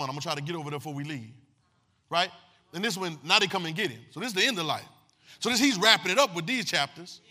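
High, bright-voiced preacher man. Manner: animated street-talking preaching, call and response, shouting at peaks. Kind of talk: sermon.

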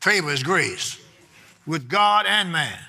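Fervent, bright-voiced male preacher. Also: a little high, animated, slow pace. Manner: fervent, rhythmic preaching with repetition and shouted peaks; informal, folksy phrasing. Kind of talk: sermon.

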